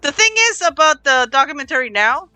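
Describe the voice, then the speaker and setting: A woman co-hosting a casual talk podcast, blunt, excitable and swearing freely. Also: high-pitched, a little fast, dry recording, soft background music. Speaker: podcast co-host. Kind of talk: casual chat.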